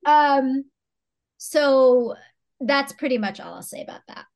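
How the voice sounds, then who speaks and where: A woman's voice: high voice, slow, creaky, a little mellow. A woman co-hosting a podcast in casual chat, speaking reflectively and candidly. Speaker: podcast co-host.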